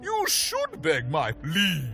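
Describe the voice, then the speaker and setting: A man's voice: on the high side, huge pitch swings, slow pace, creaky, over music, heavily acted. An actor playing a haughty, easily offended noble man in a video game, giving clipped, dismissive commands. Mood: imperious.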